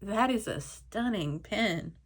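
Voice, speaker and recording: Slow-talking woman gushing over an unboxing. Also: mid-range voice, lively intonation, husky. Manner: gushing, emotional, breathless exclamations; chatty storytelling. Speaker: stationery YouTuber. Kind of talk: casual haul vlog, unboxing.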